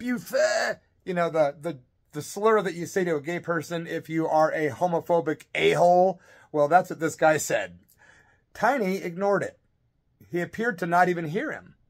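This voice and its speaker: A middle-aged man, a former rock musician, telling a rambling, animated story in a casual vlog. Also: fairly high pitch, moderate pace.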